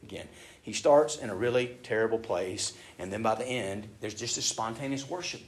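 A man preaching a sermon in a conversational, emphatic way, asking his listeners questions and swinging between hushed and loud. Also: on the low side, moderate pace. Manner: conversational, emphatic, asks the audience rhetorical questions.

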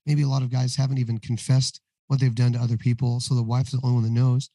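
A man with a hoarse voice, talking candidly as a guest in a casual podcast interview, telling a personal story. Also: mid-range voice, little pitch movement, quick pace, dark tone, no echo, low-quality recording. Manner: candid, storytelling, acts out dialogue. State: hoarse, voice recovering after losing it. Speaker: guest, recovery ministry co-founder.

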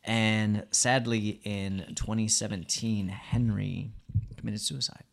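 Brief: a relaxed male podcast co-host, gravelly voice, casual and profane. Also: fairly low pitch, takes it slowly. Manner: laid-back, profane, jokey. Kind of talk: casual chat.

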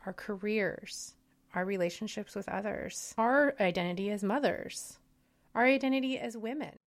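A woman's voice: mid-range voice, creaky. A woman in her forties hosting a solo podcast, speaking in an earnest, personal way. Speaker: podcast host.

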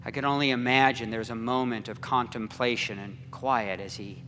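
A man preaching a dramatic sermon as a story, slow and swinging between loud cries and hushed near-whispers. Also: mid-range voice, steady tone, slight background noise. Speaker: pastor. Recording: echoey hall with long reverb.

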